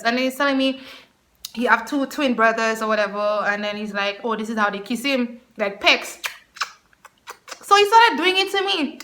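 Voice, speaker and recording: A young woman telling a personal story to her camera, chatty and animated, breaking into laughter often. Her voice sits high and sounds bright and clear. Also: moderate pace. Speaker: vlogger. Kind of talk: storytime vlog.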